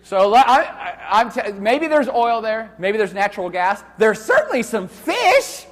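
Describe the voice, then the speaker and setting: Male lecturer, high and expressive, loud, jokey and crude, recorded live in a reverberant hall. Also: normal speed. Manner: loud, animated, joking and profane. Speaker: university lecturer. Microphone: handheld microphone.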